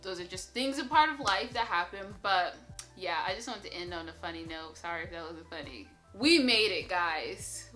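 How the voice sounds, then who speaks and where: Bright chatty young woman vlogging. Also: on the low side, animated, normal speed, faint music behind, rough recording. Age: 20s. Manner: chatty and upbeat, laughs often. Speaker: YouTube vlogger. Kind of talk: casual get-ready-with-me chat. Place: her home at night.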